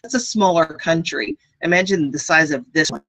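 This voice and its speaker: A woman's voice: low-pitched, normal speed, noisy background. A woman with a Midwestern accent and a faint Southern trace, chatting casually with viewers, rambling with many ums and restarts. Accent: American Midwest, faint Southern. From United States. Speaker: vlogger. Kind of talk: casual live chat.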